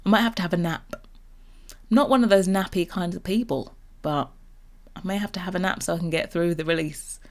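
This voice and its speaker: A young woman chatting casually over a game build, bubbly and rambling as she gets excited about new content. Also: lowish voice, fairly quick. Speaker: Sims builder and YouTuber.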